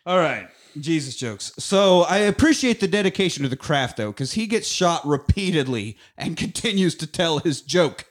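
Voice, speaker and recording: A man's voice: fairly high pitch, very animated, moderate pace. Male podcast host, profane and laughing, casual film recap with acted-out lines. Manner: swears a lot, laughs, acts out movie lines.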